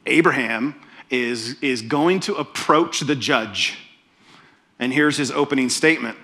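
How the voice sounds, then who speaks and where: A man preaching a sermon in a conversational, animated storytelling way, often restarting his phrases. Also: medium pitch, measured pace. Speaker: pastor.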